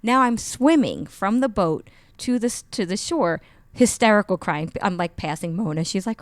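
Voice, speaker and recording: Animated woman telling a story, dry studio sound. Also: medium pitch, normal speed, no room sound. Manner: expressive, acts out quoted dialogue. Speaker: podcast guest, coach. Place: radio studio. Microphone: studio microphone.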